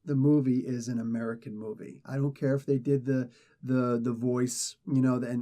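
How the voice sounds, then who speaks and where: A man's voice: mid-range voice, flat delivery, moderate pace, dark tone. A man casually reviewing a comic book, rambling and correcting himself as he gives his opinions. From not British.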